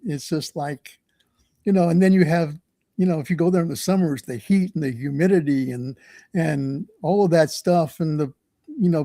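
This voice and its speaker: Male author guest, halting delivery, slightly high, mellow voice. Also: vocal fry, no room sound. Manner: halting, many restarts. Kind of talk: casual interview chat.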